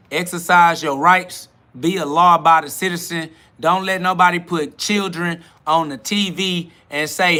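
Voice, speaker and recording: A man's voice: high-pitched, bright, forceful tone. A man hosting a spiritual podcast, preaching an improvised sermon in street slang, emphatic and profane with a repetitive cadence, recorded outdoors beside a road. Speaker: self-styled spiritual podcast host.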